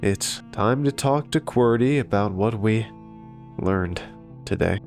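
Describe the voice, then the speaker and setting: A man's voice: on the low side, takes it slowly, gravelly, darkish tone, faint music behind, pitched above the performer's own voice. A man voicing a sad, serious cartoon tomato who speaks in a subdued way.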